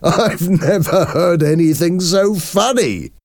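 A man's voice: mid-range voice, wildly swooping pitch, measured pace, creaky, darkish tone, dry recording, clean studio sound, voice pushed up, heavily acted. A man doing a teasing, laughing father. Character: cheerful, mischievous grown-up man, a father.

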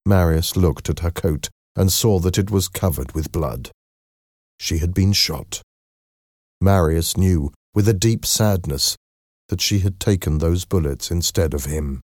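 A man narrating a story in a slow, expressive reading style. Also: low-pitched, no echo, studio quality.

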